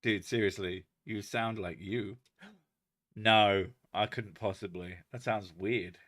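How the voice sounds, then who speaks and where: A man's voice: lowish voice, fairly even intonation, takes it slowly, a bit bright. A British man hosting a casual chat, reading out viewer comments with lots of laughing, swearing and self-mocking jokes. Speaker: host.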